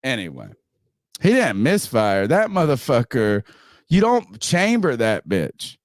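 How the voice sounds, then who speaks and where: Speaking slowly at a medium pitch, a man hosting a podcast swears freely and loudly imitates what others said while telling a casual story. The studio sound is clean, with no room sound.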